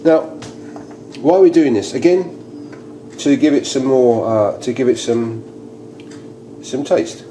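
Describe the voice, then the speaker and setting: A man's voice: medium pitch, lively intonation, measured pace, long pauses, mellow. A British man hosting a casual cooking demonstration in a home kitchen, rambling and chatty with many restarts. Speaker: cooking video host. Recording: echoey kitchen, faint noise.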